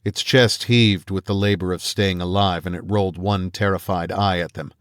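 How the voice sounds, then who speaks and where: A man reading a first-person fantasy audiobook aloud in a measured storytelling manner, voicing the characters he quotes. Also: low voice, fairly even intonation, clean tone, no room sound, clean studio sound. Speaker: audiobook narrator.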